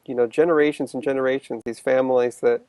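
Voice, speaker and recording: A man co-hosting, talking in a relaxed, chatty way and laughing easily. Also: mid-range voice, fast talker, smooth, dry recording. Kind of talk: casual conversation.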